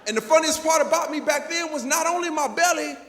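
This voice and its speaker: High-voiced man preaching in a big hall. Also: fast. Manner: energetic, storytelling, calls for audience response. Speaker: motivational speaker. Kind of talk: motivational keynote to teachers. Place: large auditorium. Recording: long hall reverb, PA system.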